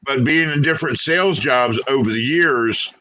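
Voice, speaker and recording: A man from Florida with a Southern accent, hosting a casual chat and rambling with many fillers; he has no teeth but speaks clearly. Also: medium pitch, normal speed, bright, forceful tone, no room sound, low-quality recording. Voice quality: toothless. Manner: rambling, frequent "you know" fillers. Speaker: host.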